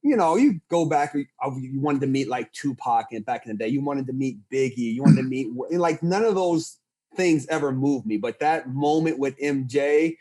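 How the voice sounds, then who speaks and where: A man co-hosting a podcast, telling a story in an animated way and laughing often. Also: mid-range voice, moderate pace. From United States. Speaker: podcast co-host. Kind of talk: casual chat.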